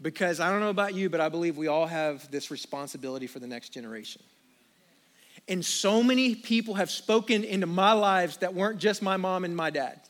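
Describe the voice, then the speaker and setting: A man in his thirties from the United States preaching a sermon, telling stories with animated, acted-out outbursts. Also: high-pitched, a little fast. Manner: storytelling, animated, acts out his own outbursts. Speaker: pastor. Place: church auditorium with congregation.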